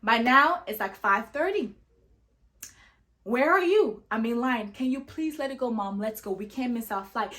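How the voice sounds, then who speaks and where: A young woman from Sierra Leone telling a travel story in a casual vlog, animated and full of "you know" fillers. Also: mid-range voice. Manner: animated, acts out quoted voices, many fillers like "you know". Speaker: vlogger.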